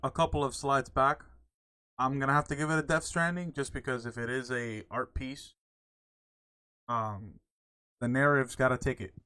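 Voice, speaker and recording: A man co-hosting a casual video game talk show. He speaks excitedly and leans heavily on filler words. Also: medium pitch, moderate pace, pauses often. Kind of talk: casual game-discussion chat.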